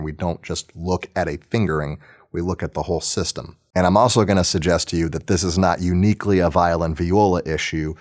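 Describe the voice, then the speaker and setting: A man giving an instructional lesson on teaching a beginning orchestra piece, practical and encouraging with casual fillers. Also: deep voice.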